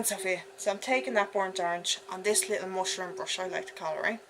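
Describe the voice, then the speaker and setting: A young woman with an Irish accent chats her way through a makeup tutorial, giddy and rambling, often talking to herself. She sits in a room at home, and clear background noise runs under her voice. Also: medium pitch, lively intonation, quick pace, hardly any pauses. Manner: giddy, chatty, talks to herself. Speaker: beauty vlogger. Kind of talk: casual makeup tutorial chat.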